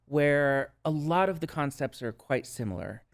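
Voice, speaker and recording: Smooth-voiced man with a Minnesota accent. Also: a little high, animated, measured pace. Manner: earnest, reflective storyteller with frequent "right?" tags. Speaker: guest, substance use counselor. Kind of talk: casual podcast conversation.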